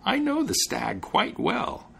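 A man voicing an angry old witch in a fairy tale, slow and scolding. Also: high voice, wildly swooping pitch, vocal fry, fairly bright tone, slight background noise, voice pushed up, heavily acted. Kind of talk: storybook reading.

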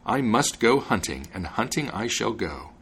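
A man's voice: on the low side, big pitch swings, normal speed, fairly bright tone, husky, full character voice. A man voicing a determined young hunter in a fairy tale. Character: bold young golden hunter. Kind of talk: storybook reading.

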